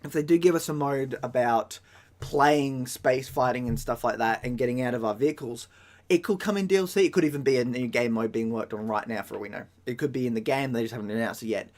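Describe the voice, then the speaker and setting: A man with an Australian accent, hosting a casual gaming commentary video, excitable and rambling, often correcting himself mid-sentence. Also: medium pitch, fast talker.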